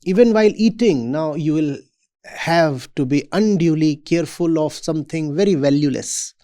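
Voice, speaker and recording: Measured man giving a mellow talk. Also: on the high side. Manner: deliberate, measured, acts out imagined speakers. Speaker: spiritual teacher speaking to students. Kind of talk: reflective public talk.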